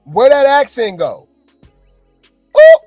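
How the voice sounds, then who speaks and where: A man doing reality TV gossip commentary, animated and exasperated, talking straight to his viewers. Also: very high-pitched, takes it slowly, dry recording, faint music behind.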